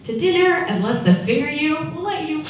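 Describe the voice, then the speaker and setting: A woman's voice: high voice, lively intonation, a little fast, highs cut off, slight background noise. A woman in her twenties doing a stand-up comedy set, telling stories in a chatty way and acting out the people in them. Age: 20s. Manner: chatty storytelling, acts out voices. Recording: echoey room, mic from a distance.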